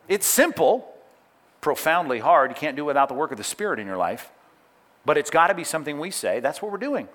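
A man's voice: a little high, fairly quick. A middle-aged man preaching a sermon, breaking into acted-out quotes and telling listeners to jot down references. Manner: animated preaching with acted-out quotes and asides to note-takers. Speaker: pastor.

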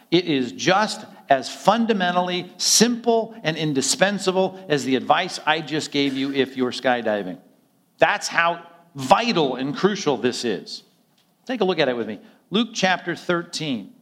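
A man's voice: a little high, fairly bright tone. A male pastor preaching a conversational sermon, often acting out quoted dialogue in other voices.

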